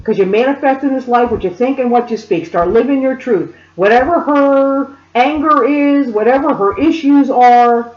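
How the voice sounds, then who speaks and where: A woman speaker telling a story in an animated way and speaking directly to her listeners. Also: high voice, normal speed, few pauses. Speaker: spiritual reader and speaker. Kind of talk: storytelling monologue. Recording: roomy, dull lo-fi sound.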